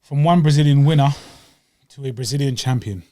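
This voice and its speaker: A man's voice: medium pitch, brisk, dark tone. A young man co-hosting a podcast, bantering playfully and using slang. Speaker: podcast co-host. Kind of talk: casual chat.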